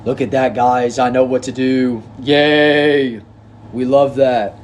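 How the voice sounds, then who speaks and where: A man's voice: mid-range voice, level tone, takes it slowly, slight background noise. Laid-back young man reading stream chat. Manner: easygoing, reads chat messages aloud and answers them. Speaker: livestream host reading chat. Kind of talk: casual livestream chat.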